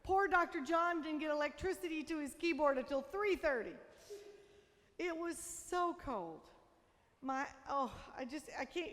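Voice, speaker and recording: A woman's voice: high-pitched, normal speed, fairly bright tone. A woman pastor reading scripture and preaching, in a church sanctuary. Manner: chatty storytelling with laughs. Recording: long reverb of a church hall.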